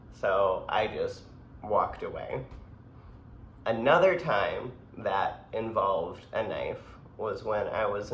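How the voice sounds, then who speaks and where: A man telling a personal story in a casual, rambling way, full of fillers. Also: lowish voice. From United States. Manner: laid-back, rambling, filler-heavy. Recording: echoey room, faint background hum.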